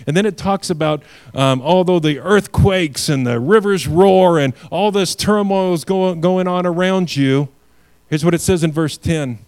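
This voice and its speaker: A man's voice: on the high side, measured pace, a little mellow, smooth. A male pastor delivering a sermon, reading scripture aloud and building to emphatic peaks.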